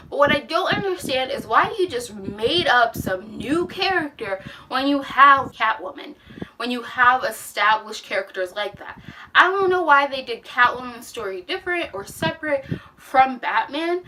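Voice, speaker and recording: A young woman rants casually about a book she disliked, rambling and exasperated and full of "like". Her voice is bright and a little high. She sits a bit away from the mic, with a faint hiss underneath. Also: far from the mic, low-quality recording. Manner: exasperated, rambling, heavy use of "like". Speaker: book reviewer. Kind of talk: casual chat.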